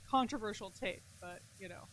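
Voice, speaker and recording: A woman's voice: mid-range voice, a bit bright, slight background noise. A young woman streaming a game and chatting casually, talking freely, swearing, and answering her chat. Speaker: gaming streamer.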